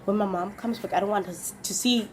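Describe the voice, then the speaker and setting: A young Namibian woman with a Namibian accent, telling a storytime vlog in a casual, animated way and acting out what people said. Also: medium pitch, fairly quick, slight background noise. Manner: animated, switches between English and Afrikaans, acts out quotes. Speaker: vlogger.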